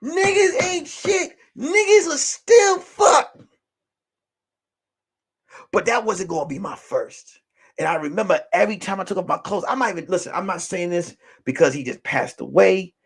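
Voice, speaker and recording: A man with a high voice tells a story on his own stream. His pitch leaps all over the place. He talks in a loose, profane way that drops to hushed whispers and then bursts into shouts. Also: lively intonation, normal speed, husky. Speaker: show host. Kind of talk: casual storytelling on a livestream.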